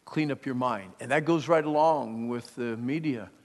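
A middle-aged man preaching a sermon, emphatic, moving from hushed, intimate lines to loud bursts, with storytelling asides. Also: medium pitch, normal speed, in a large hall. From Pennsylvania.

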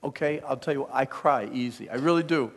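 A middle-aged man preaching a sermon, emphatic, moving from hushed, intimate lines to loud bursts, with storytelling asides. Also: medium pitch, fairly quick, long reverb tail. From Pennsylvania.

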